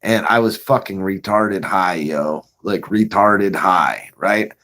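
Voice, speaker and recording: A man's voice: low voice, takes it slowly. A man casually telling a story on his own show, swearing often, laughing now and then, and acting out the scenes. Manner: profane, laughing, animated retelling. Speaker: vlogger.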